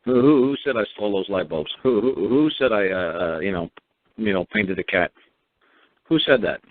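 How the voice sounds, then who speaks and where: A man's voice: fairly low pitch, lively intonation, normal speed, no room sound. Blunt New man grilling a caller. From New York. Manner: blunt, repetitive rhetorical questions, swearing. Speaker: radio show host. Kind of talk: call-in show advice. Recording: dry, tinny phone-line sound.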